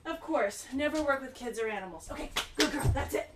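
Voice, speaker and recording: A woman's voice: sits high, brisk, echoey room, recorded from a distance, over music. A playful, chatty woman hosting a live virtual show over a video call, talking the audience through each step. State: out of breath. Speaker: performer and host.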